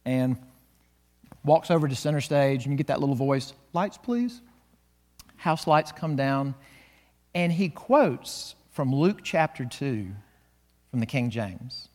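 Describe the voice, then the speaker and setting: A male pastor preaching a sermon, slowing and swelling on key words. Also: medium pitch, a little mellow, in a large hall.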